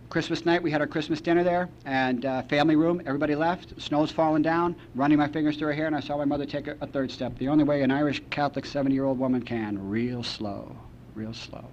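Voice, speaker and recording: A man speaking at a recovery meeting, telling a personal story in a wry, deadpan storytelling way, on a muffled archival recording. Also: on the high side. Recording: muffled archival tape with faint noise.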